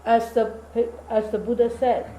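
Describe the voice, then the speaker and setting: A woman meditation teacher gives a dharma talk with a mellow, relaxed tone. She talks in an animated way, quizzing her listeners and acting out the voices in their heads, with slightly non-native English phrasing. The recording has an echoey hall sound and faint room noise. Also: on the high side, measured pace. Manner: animated, engaging the audience with questions and quoted inner voices.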